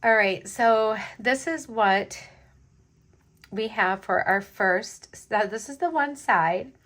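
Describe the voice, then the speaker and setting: This middle-aged beading host has a slightly high, fairly bright voice and takes things slowly. She's loose and rambling, full of fillers as she chats during her beading, though she sounds choked up and close to tears.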